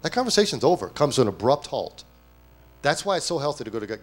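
Man, pastor, lively sermon at a church service, rhetorical questions, mid-range voice. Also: mid-range voice, fast, faint music behind. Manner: animated preaching, acting out quoted voices.

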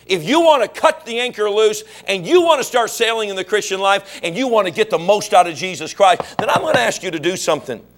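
A middle-aged male pastor preaching a sermon, asking the congregation questions and building to shouted, animated passages. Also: high-pitched, fairly quick, hardly any pauses.

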